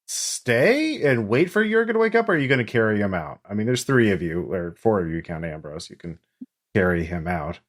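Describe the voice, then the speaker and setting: Male game master, easygoing, loose halting delivery. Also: lowish voice. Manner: relaxed, halting, many fillers. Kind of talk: narrating a tabletop game.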